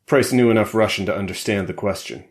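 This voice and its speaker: A man narrating a spy thriller audiobook in a measured, steady way. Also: on the low side. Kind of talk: scripted narration.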